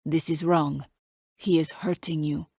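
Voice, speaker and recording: A woman's voice: sits low, little pitch movement, measured pace, vocal fry, a little mellow, husky, no echo, clean studio sound, heavily acted. A woman voicing a blunt, protective Italian male gardener with an Italian accent, making clipped, insistent demands in an audiobook. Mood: urgent.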